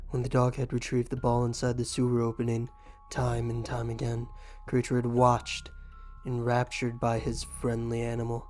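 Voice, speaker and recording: A man reading a horror story aloud in an even, scripted storytelling manner, with faint music behind. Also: medium pitch.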